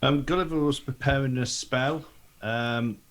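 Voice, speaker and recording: A man in a tabletop game describing what his character does, in a plain, mid-pitched, matter-of-fact voice. He keeps it short and practical. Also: unhurried. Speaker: player. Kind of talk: tabletop role-play.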